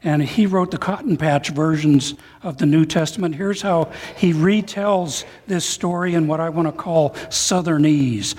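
A man preaching a sermon, retelling a parable in an animated storytelling way. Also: fairly high pitch, a little slow, few pauses, slightly rough. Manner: animated storytelling, reading a retold parable aloud. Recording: long reverb of a large hall.

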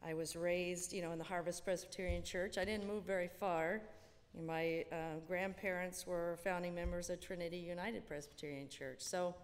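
A woman's voice: fairly low pitch, steady tone, moderate pace. A woman giving a personal testimony at church in a chatty, self-deprecating manner. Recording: reverberant hall.

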